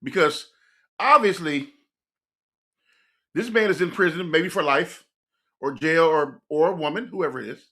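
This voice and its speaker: A young man hosting a music reaction, chatting casually in an excitable, rambling way full of "like". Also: a little high, unhurried, long pauses. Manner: excitable, rambling, fills speech with "like".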